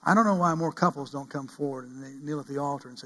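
A middle-aged man preaching a sermon as pastor, earnest, swinging from loud cries to hushed pleading. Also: on the high side, fast, hardly any pauses.

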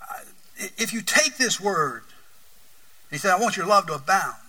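A preacher with an East Tennessee accent delivers an earnest sermon, his volume swelling and falling. His voice is very bright and a touch high. He sounds set back from the microphone in a church room. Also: expressive, moderate pace, recorded from a distance, poor audio. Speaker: pastor.

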